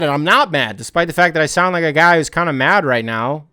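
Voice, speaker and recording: A man hosts a casual sports podcast, his voice sitting a little high and coming through smooth and clear. He rants with heat, swears freely and keeps circling back to restart his thoughts. The sound is dry and close, with no room around it. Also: lively intonation, a little fast, few pauses, pushed and bright, no room sound. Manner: heated, profane, rambling with restarts. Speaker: podcast host.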